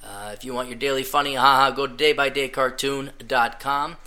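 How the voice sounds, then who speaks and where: A man's voice: medium pitch, fairly even intonation, brisk, pushed and bright. A man hosting a podcast, ranting casually and sarcastically, breaking into mocking sung parodies. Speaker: podcast host.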